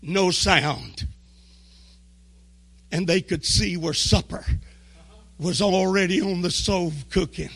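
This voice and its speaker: High, gravelly preacher shouting fervently. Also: male voice, fairly even intonation. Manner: fervent, shouting and crying out phrases; drawls key words slowly for emphasis. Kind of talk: impassioned sermon.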